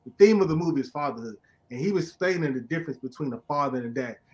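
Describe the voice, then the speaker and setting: A man's voice: mid-range voice, very fast. A man hosting a casual comic book chat. He gets worked up, laughs often and bursts out with emphatic rants. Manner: excitable, laughing, emphatic outbursts. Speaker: podcast host.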